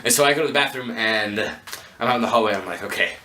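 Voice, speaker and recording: Bright-voiced man rambling in an echoey room. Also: mid-range voice, fast talker, a little hiss or hum. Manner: rambling, self-mocking, joking asides. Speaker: vlogger telling a storytime. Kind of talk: casual storytelling to camera.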